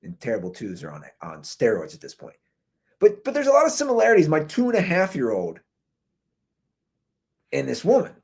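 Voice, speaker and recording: A man in his thirties rants casually about a viral video on his own podcast, often saying "dude" and "man." His husky voice is on the high side, with wildly swooping pitch, vocal fry, a slightly fast pace and long pauses. It's recorded through a computer mic.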